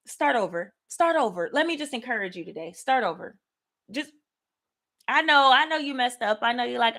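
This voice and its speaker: A woman hosting a casual live Bible study, lively and laughing as she talks straight to her viewers. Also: high-pitched, moderate pace. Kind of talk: casual livestream Bible teaching. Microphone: webcam or desk mic on a live stream.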